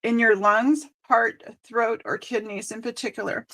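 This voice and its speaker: Woman, card reader, live reading, tearful, choked up, slightly high voice, halting delivery. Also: fairly even intonation, a bit bright. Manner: emotional, reading aloud with frequent pauses. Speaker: intuitive card reader and host.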